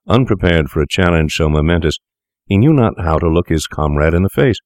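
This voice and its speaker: Male audiobook narrator, very low voice, measured, grave, dry close sound. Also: lively intonation, no echo. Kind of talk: scripted narration.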